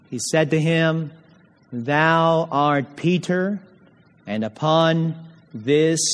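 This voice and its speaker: A man's voice: high voice, in a large hall. A man preaching a sermon, emphatic, asking rhetorical questions and drawing out key words.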